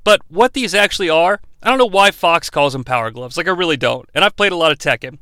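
A man's voice: on the high side, expressive, quick pace, sharp tone, no room sound. A man hosting a comedic movie review, recapping the plot with sarcastic, profane asides.

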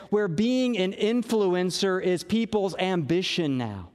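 A man's voice: high-pitched, a little mellow, in a large hall. A man preaching a sermon as pastor, earnest and conversational, with emphatic rises.

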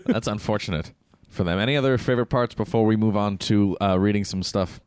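A man's voice: fairly low pitch, fairly quick, darkish tone, clear, resonant tone, no echo, clean studio sound. A man hosting a casual podcast chat, laughing often and moving the talk along. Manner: laughs often, hands out turns. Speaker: podcast host.

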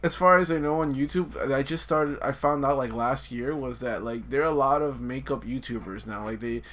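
A man's voice: medium pitch, a little fast, fairly bright tone. A man co-hosting a podcast, rambling in casual banter, cursing often and restarting his sentences. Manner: rambling, profane, laughs a lot, many restarts. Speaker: podcast co-host.

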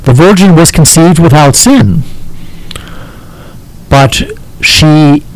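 A man explaining a text to a listener as a teacher, halting and often checking in with "okay?". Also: a little high, expressive, low-quality recording.

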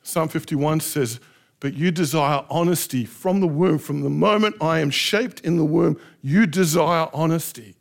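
A middle-aged pastor preaching a sermon with passion, acting out heartfelt prayers in changing voices. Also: male voice, on the high side, a little slow, gravelly. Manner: impassioned, acts out prayers in shifting voices.

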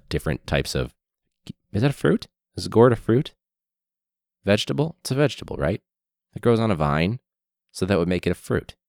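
A man who teaches high school, ranting casually with sarcasm and swearing, his throat hoarse from a recent illness. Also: darkish tone, dry recording, clean studio sound. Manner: sarcastic, profane, mocking.

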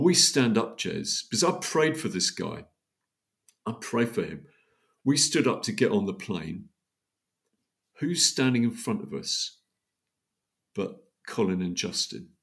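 A man, a podcast guest telling a story in casual chat, acting out the voices of the people he quotes. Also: medium pitch. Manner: animated, acts out quoted dialogue.

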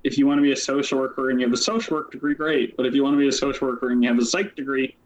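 This medium-pitched man, interviewed as a social worker, shares his story in a level tone, rambling casually with frequent "like" and "um" fillers and brief asides. The sound is lo-fi.

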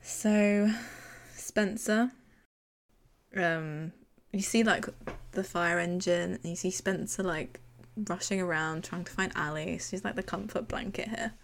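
A young woman co-hosting a podcast recaps a TV episode in casual chat, her voice on the low side, a little slow and creaky. Chatty and giggly, she often retells scenes by acting out lines in quoted voices.

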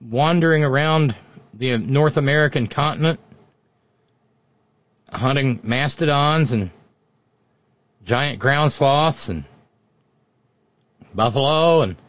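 A man's voice: mid-range voice, takes it slowly, pauses often, a bit bright, no echo. A man giving off-the-cuff political commentary, sardonic and profane, rambling with frequent restarts. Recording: dull, dry lo-fi audio.

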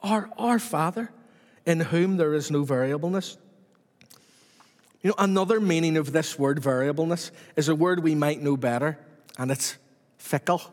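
A man's voice: a little high, normal speed, long pauses, in a large hall. A man preaching a sermon to his church with repetitive, rhythmic emphasis.

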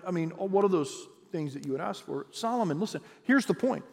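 A male pastor preaches in a notably high voice, speaking in an animated, chatty way with repeated restarts and light jokes. His sermon rings with a long reverb, as in a large hall. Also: fast, gravelly.

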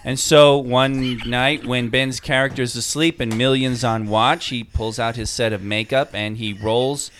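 Bright-voiced man recounting game antics. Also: medium pitch, unhurried, hardly any pauses, a little hiss or hum. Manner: animated, laughing, profane. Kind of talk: casual storytelling chat.

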